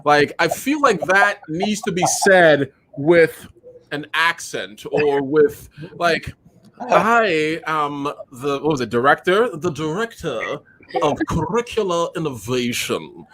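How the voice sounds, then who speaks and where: A man's voice: a little high, takes it slowly. Upbeat male talk show host. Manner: enthusiastic, animated, many fillers. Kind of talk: live show conversation.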